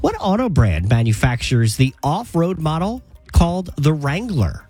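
A man's voice: a little high, very animated, unhurried, mellow, husky, soft background music. A man hosting a morning radio quiz, upbeat and sick. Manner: upbeat quizmaster. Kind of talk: radio game show hosting.

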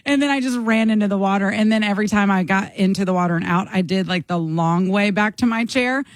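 A woman's voice: mid-range voice, quick pace, dry recording. A woman from the United States telling a story in casual chat and acting out the people in it. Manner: animated storyteller acting out quotes.

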